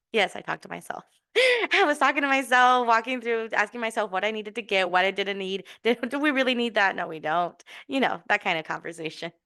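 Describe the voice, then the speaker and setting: A middle-aged woman with a smooth, mid-range voice hosts a podcast. She tells a casual story warmly, encouraging her listeners, laughing a lot and filling her chatty talk with restarts and fillers.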